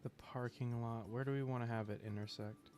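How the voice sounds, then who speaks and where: A young man chatting casually on a game stream, rambling with fillers, clearing his throat and hiccuping now and then. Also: medium pitch, fairly even intonation, brisk, a little mellow. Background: faint music.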